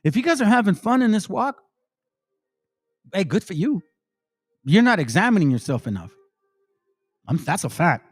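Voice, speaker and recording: A man's voice: sits high, very animated, moderate pace, pauses often, breathy edge, faint music behind. A grown man streaming live, talking emotionally and preachily to his viewers, full of slang like "man" and "bro". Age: adult. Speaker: streamer and religious commentator. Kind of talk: impassioned livestream commentary.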